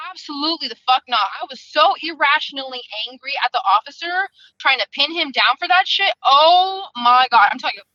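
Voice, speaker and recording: A woman's voice: high-pitched, sharp tone, no room sound, lo-fi sound. A woman in a casual book club chat on a video call, venting in a heated, profane, rambling way.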